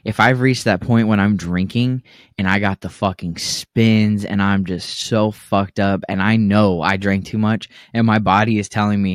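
A man's voice: lowish voice, steady tone, moderate pace, dry recording, studio quality. A man in his thirties co-hosting a podcast, telling rambling, profane stories and laughing often. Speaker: podcast co-host. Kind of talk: casual podcast chat.

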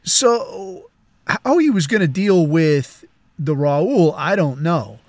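This man's voice is on the higher side, yet darkish in tone, and it swings widely in pitch as he slowly rambles through a profane, chuckling yarn full of tangents. He's a podcast host, captured close and dry on his mic without any echo.

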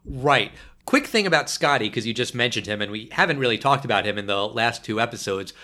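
A man's voice: medium pitch, a little fast. A man co-hosting a podcast, chatting casually and wryly about a film, with lots of "like" fillers. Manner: animated, wry, lots of fillers. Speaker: podcast co-host.

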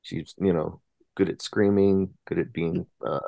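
A man's voice: deep voice, steady tone, a little slow, vocal fry, mellow, no room sound. A man chatting casually on a podcast about films, opinionated and talking in long winding sentences. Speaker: podcast panelist. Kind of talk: casual film chat.

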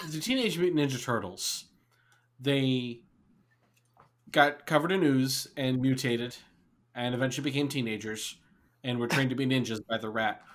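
A man co-hosting a casual movie podcast, wry and joking, laughing as he talks. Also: mid-range voice. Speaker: podcast co-host. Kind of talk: casual movie review chat.

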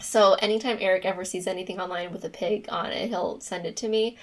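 A woman's voice: medium pitch, fairly even intonation, fast. A woman co-hosting a podcast, chatting casually and filling her talk with "like". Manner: chatty, peppered with "like". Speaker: podcast co-host. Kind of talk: casual chat.

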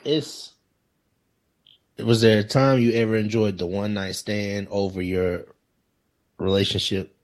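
A man's voice: on the low side, steady tone, a little slow, long pauses. A man co-hosting a podcast in casual chat who laughs often, exclaims and repeats himself while asking questions. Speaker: podcast co-host.

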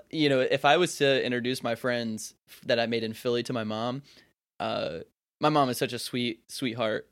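A man's voice: medium pitch, a bit bright. Laid-back young guy from north carolina, talks loose with lots of likes and laughs. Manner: laughs often, filler-heavy, rambling. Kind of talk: casual chat.

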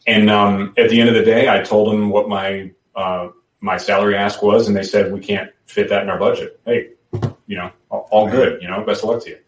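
A man's voice: on the low side, fairly even intonation, fairly quick. A man talking casually as a podcast guest, rambling with lots of restarts and fillers. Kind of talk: casual chat. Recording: roomy, distant from the mic.

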